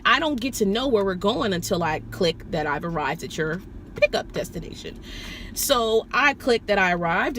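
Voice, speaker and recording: A woman vlogging as a rideshare driver, telling a story in a profane, animated, indignant way from inside a car. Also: fairly high pitch, noisy background. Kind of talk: storytelling vlog.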